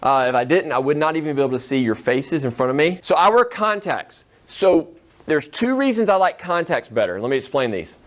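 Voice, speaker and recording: A man's voice: mid-range voice, expressive, a little fast. A man giving a classroom lecture in a conversational way, often checking in with his students. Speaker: teacher.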